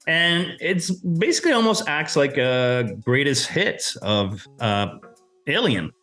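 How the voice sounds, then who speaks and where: A man's voice: on the high side, sing-song, slow, pushed and bright. Emphatic man arguing in casual debate. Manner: emphatic, swears casually, argues point by point. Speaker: co-host debating a film.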